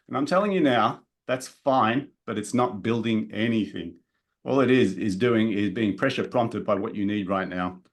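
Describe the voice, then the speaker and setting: A man giving a live business seminar in a direct, energetic way, talking straight to the audience in the room. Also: medium pitch. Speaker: business coach presenting a workshop.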